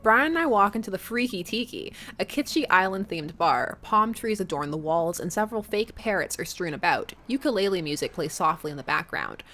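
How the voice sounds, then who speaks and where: A woman's voice: medium pitch, expressive, brisk, hardly any pauses, fairly bright tone. Giggly woman reading a dating game. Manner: giggly, playful, jokey asides. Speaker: let's-play streamer.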